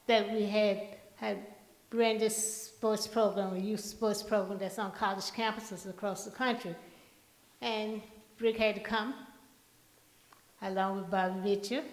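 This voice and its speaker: An older woman giving a storytelling memorial tribute speech in a large hall, slow and deliberate. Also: medium pitch. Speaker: eulogy speaker. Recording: echoey hall, voice from far off.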